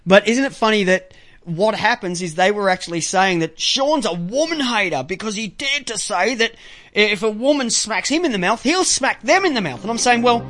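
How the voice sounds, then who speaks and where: A man's voice: high-pitched, moderate pace. A man with an Australian accent hosting a casual radio talk show, swearing freely and tripping over repeated words. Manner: profane, excitable, repeats words.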